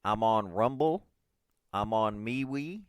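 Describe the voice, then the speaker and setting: Man, 40s, podcast host; low, smooth voice, unhurried, self-deprecating rambling. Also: lively intonation, dry recording. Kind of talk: casual rambling monologue.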